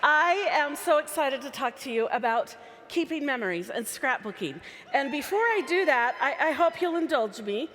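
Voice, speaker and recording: A woman's voice: high voice, animated, normal speed, fairly bright tone, a little hiss or hum. A woman giving a chatty, playful live talk from a stage microphone to a large convention crowd. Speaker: convention speaker. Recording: live hall sound with reverb.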